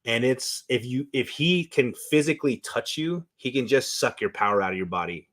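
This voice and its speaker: Guy guesting on a chat show, gets all worked up and emotional, trips over his words, average pitch. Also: normal speed. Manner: excited, emotional storytelling with many restarts. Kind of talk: casual chat.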